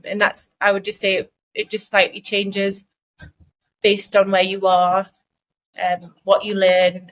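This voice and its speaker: A woman from Newcastle with a softened Geordie accent, co-hosting a casual podcast and explaining things in a measured, thoughtful way. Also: medium pitch, poor audio. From Newcastle upon Tyne, England. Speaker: podcast co-host. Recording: recorded remotely, sound slightly off.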